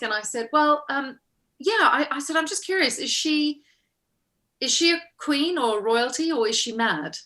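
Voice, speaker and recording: A woman's voice: on the high side, moderate pace, pushed and bright. A woman actor being interviewed, recounting an anecdote animatedly, laughing and acting out the people she quotes. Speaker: actor guest. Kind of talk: casual interview storytelling.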